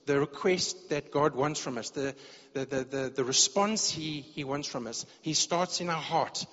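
A man's voice: fairly high pitch, fairly bright tone. A man preaching a sermon in a church, earnest and direct, often repeating words as he searches for the phrase. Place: church hall. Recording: dull lo-fi sound with long hall reverb.

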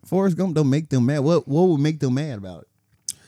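Lively-voiced man in casual chat. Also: a little fast, no room sound, studio quality. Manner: expressive, swinging pitch, laughs often. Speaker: podcast co-host.

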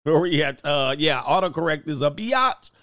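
A show host with a slightly high, a bit bright voice and lively intonation speaks at normal speed in a dry, clean studio recording. Running a casual livestream, he jokes, laughs often and uses slang while reading viewer comments aloud.

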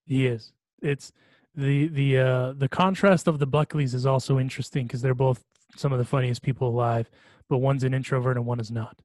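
A man hosting a podcast in relaxed chat, his voice sitting at an ordinary middle pitch. He rambles and restarts his sentences, laughing at his own stories. The sound is dry and close. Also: fairly quick, no echo. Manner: rambling, laughing often, many restarts and fillers. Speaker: podcast host. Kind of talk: casual chat.

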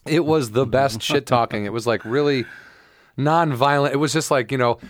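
A man's voice: medium pitch, moderate pace. A man co-hosting a casual sports and comedy podcast, telling loose stories and acting out what people said. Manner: loose storyteller, acts out quotes with bursts. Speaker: podcast co-host. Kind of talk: casual chat.

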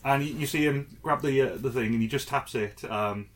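A man narrating as game master in a tabletop game, improvising with many pauses and ums. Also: medium pitch.

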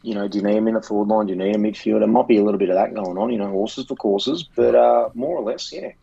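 An Australian man co-hosting a casual footy podcast, telling sweary, animated stories and mimicking his mates. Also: on the low side, quick pace, gravelly, slightly rough, lo-fi sound. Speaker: podcast co-host.

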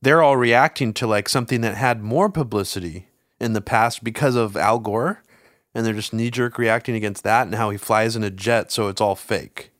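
A man co-hosting a casual political talk show, rambling and swearing, his voice jumping up in pitch when he gets worked up. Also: normal speed, fairly bright tone, dry recording, studio quality. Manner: rambling, swears, many fillers and restarts, pitch jumps up when agitated. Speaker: podcast co-host.

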